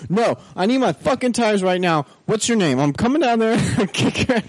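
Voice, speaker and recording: An enraged customer who keeps cursing, threatening and repeating himself, as a man puts him on while telling a story. The voice climbs well above his usual pitch and stays loud and heated. It is harsh and relentless, with no pause to calm down. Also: a little hiss or hum, lightly acted. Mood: furious. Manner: shouting, repetitive, cursing. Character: furious male tire customer, threatening.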